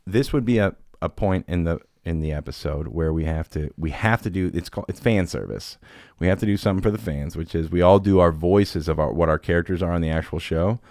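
A man's voice: low voice, a little fast, a little mellow, no room sound, studio quality. A man hosting a podcast in casual chat, rambling and jokey, often laughing. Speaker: podcast host.

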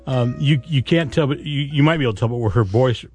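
A man's voice: mid-range voice, quick pace, darkish tone, slightly rough, faint music behind. A man hosting a radio show from a studio, folksy and rambling in casual chat. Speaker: radio host. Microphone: studio microphone.

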